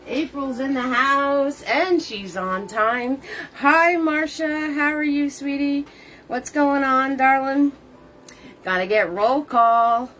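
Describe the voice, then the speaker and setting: A woman's voice: sits high, a bit bright, slight background noise, low-quality recording. A woman hosting a live painting lesson. She chats cheerfully with viewers, greets each one by name with pet names, and laughs often between steps. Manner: playful made-up words.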